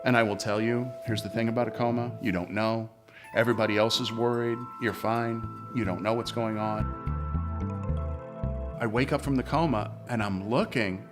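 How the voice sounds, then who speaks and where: Male comedian, storytelling interview, animated and joking, faint music behind. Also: mid-range voice. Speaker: comedian guest.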